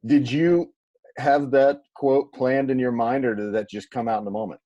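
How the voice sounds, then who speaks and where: A man's voice: mid-range voice, steady tone, moderate pace, warm tone, no echo, lo-fi sound. A man hosting a casual interview, easygoing, with short prompts and questions. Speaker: interview host.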